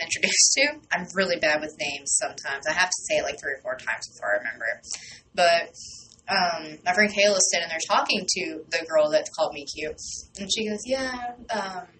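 A young woman DJ in a small radio studio, chatting casually and gushing excitedly, with lots of fillers as she rambles. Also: low voice, brisk. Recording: distant mic with faint background noise.

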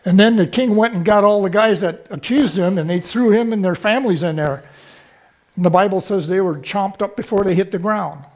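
A man with a high-pitched voice preaches a sermon. He teaches from scripture in a conversational way, often stopping to check in with the congregation through short questions. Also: fairly quick, darkish tone. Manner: teaching, with frequent rhetorical check-ins to the congregation.

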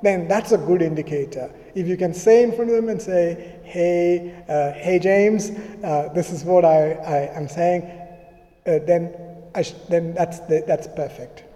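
In a reverberant church hall, a male pastor preaches conversationally, often acting out what people said. His voice is high-pitched and dark in tone, and he keeps a measured pace.

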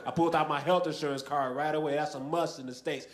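A man in his twenties doing a stand-up comedy set on a festival stage, dry and deadpan, breaking into loud shouted voices. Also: a little high, fast, hardly any pauses, a little hiss or hum. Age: 20s. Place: large festival stage with a laughing audience.

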